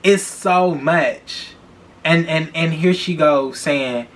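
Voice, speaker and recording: A young man hosting a podcast, gossiping about celebrities in a blunt, profane, animated way and repeating himself for emphasis. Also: mid-range voice, normal speed, a little hiss or hum. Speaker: podcast host. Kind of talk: casual celebrity gossip commentary.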